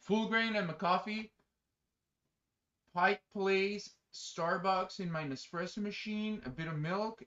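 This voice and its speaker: A high-pitched man with a bright, forward tone chats casually on a live stream and answers viewers as he goes. He rambles through fillers and bursts into loud exclamations. The audio is slightly dull and lo-fi. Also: slow pace. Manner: chatty, rambling, many fillers. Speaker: streamer reading chat.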